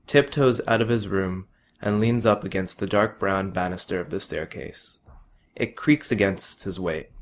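Man reading his own story aloud. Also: on the low side. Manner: measured, plain storytelling. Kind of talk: first-person story reading.

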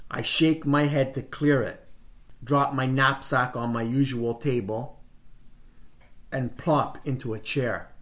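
A man reading a first-person short story aloud in a measured, deliberate way. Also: medium pitch. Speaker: reader.

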